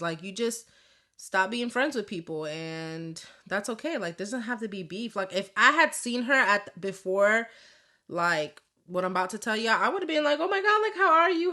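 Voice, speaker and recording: A woman's voice: medium pitch, pushed and bright. A woman in her thirties chatting casually and candidly, swearing freely as she tells a personal story in a vlog. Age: 30s. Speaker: vlogger.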